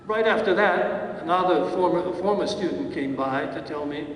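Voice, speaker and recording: A man's voice: a little high, moderate pace, a little hiss or hum. Distant man giving an acceptance speech. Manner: anecdotal storytelling with hesitant fillers. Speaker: award recipient, acting teacher. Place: large event hall. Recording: echoey hall from far off.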